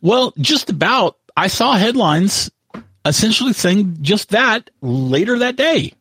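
A man co-hosting a casual tech podcast, talking in a halting way with frequent restarts. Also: high-pitched, sing-song, a bit bright, slightly rough, no echo. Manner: halting, full of restarts, reads out quotes. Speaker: podcast co-host.

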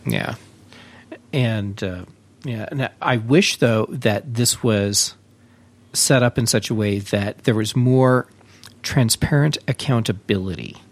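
A man hosting a tech podcast, talking in a relaxed, chatty way with frequent fillers. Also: mid-range voice, slow. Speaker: podcast host. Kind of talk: casual tech podcast talk.

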